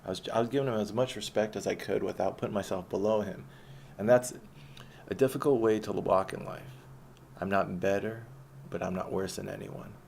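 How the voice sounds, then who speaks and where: Low gravelly man telling a story. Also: a little fast, a little mellow, slight background noise. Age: around 30. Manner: rambling, restarts, profanity. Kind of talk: casual autobiographical monologue.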